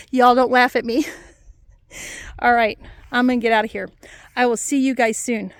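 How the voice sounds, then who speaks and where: A woman's voice: on the high side, little pitch movement, moderate pace, pauses often, clean tone, no room sound. A woman vlogging outdoors on a country property. She talks casually and folksily while walking and is out of breath. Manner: chatty and folksy, says y'all. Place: outdoors on a rural mountain property.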